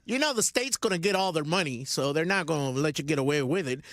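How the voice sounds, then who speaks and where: Male radio co-host, high-pitched joking complainer. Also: expressive, fast talker, fairly bright tone, no room sound, studio quality. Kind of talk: casual studio banter. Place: radio studio.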